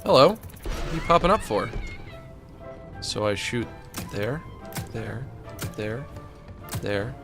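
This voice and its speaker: A male streamer chatting over his gameplay with a crude, joking streak. His voice rises and falls a lot as he riffs. Game music plays clearly behind him. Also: mid-range voice, animated, slow pace, pauses often. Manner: joking, crude, rambling asides. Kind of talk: casual gameplay commentary.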